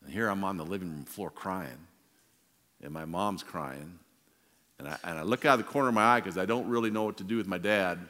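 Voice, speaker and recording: Pastor in his sixties, bright ringing voice. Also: low voice, fairly quick. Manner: storytelling, swings from loud to hushed. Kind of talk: sermon. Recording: long reverb of a large hall.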